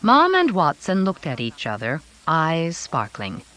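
A woman's voice: sits low, wildly swooping pitch, unhurried, a bit bright, poor audio. A woman narrating a children's chapter book in first person, reading aloud expressively. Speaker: audiobook narrator.

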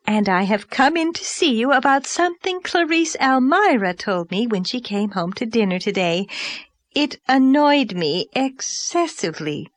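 A woman voicing a pompous, overdressed middle-aged society lady, speaking in an affected, haughty, drawn-out way. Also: on the high side, lively intonation, no room sound, lightly acted.

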